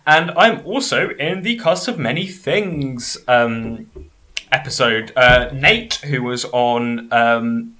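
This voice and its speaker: British man, podcast regular, bright chatty voice, mid pitch. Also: slow. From Britain. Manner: chatty, stumbling restarts, laughs easily. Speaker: podcast player and host. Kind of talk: casual chat.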